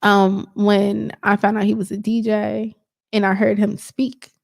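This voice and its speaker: A woman co-hosting a casual chat show, animated and quick to laugh, often talking over the others. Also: medium pitch, vocal fry, no echo, clean studio sound. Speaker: podcast co-host.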